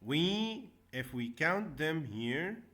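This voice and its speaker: A man teaching a classroom English lesson, repeating each word and stressing the syllables loudly. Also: a little high, big pitch swings, extremely slow.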